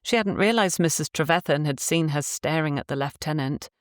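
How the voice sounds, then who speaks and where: A woman narrating a romance audiobook in a measured, even storytelling manner. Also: low voice, no echo, studio quality. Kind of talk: scripted narration.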